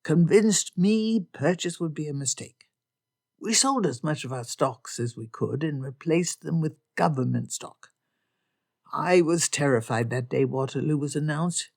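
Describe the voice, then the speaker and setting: A woman's voice: low-pitched, unhurried, vocal fry, darkish tone, exaggerated voice. A jovial middle-aged merchant with clipped speech, read by a woman narrator. He talks in short, hearty bursts, like a businessman pleased with his own tale. The voice stays close to a storyteller's own tone. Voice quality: clipped delivery.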